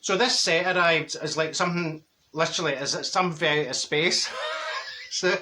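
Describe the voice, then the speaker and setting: A man's voice: on the high side, moderate pace, background noise, natural voice. A man playing a chatty, straight-talking middle-aged Glasgow woman, telling a gossipy comic story in a Glaswegian accent. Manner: gossipy, giggly storytelling with wee asides. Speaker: comedy character host. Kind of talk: comic character monologue.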